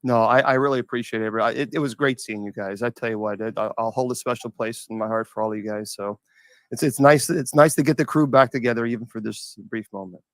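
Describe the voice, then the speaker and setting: Fast-talking man saying sincere goodbyes. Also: mid-range voice, steady tone, no echo. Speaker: guest. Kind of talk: casual goodbye on a video call.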